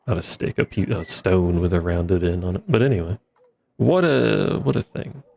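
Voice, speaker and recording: Laid-back low-voiced man narrating gameplay. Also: moderate pace, gravelly, a little mellow. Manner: laid-back, rambling, wry asides to himself. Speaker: streamer playing a modded block-building game. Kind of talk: casual gameplay commentary.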